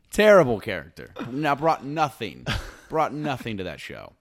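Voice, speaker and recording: A man's voice: mid-range voice, dry recording, studio quality. A young man co-hosting a podcast, chatting casually, joking and laughing a lot. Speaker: podcast co-host. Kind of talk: casual chat.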